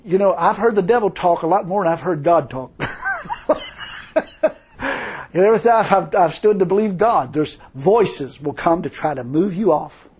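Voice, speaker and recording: A man's voice: high voice, lively intonation, moderate pace, a little mellow, slight background noise. A man preaching a fervent sermon, telling a story and repeatedly crying hallelujah.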